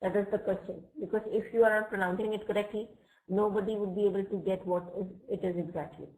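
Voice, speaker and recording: A patient woman teaching vocabulary in a live web class, her voice at an ordinary middle pitch. She explains words slowly and keeps checking with her students. She speaks into a computer mic. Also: fairly even intonation, darkish tone, rough recording.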